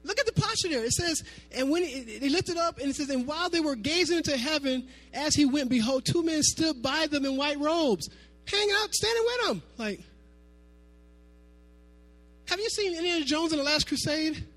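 A man preaching a sermon to his congregation, animated and conversational, dropping to quiet asides and then climbing to loud, emphatic peaks. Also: extremely high pitch, moderate pace. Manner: animated, swinging from soft asides to shouting. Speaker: pastor.

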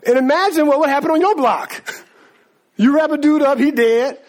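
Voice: high-pitched, normal speed. A preacher delivering a sermon in casual, slangy talk, repeating words and laughing as asides.

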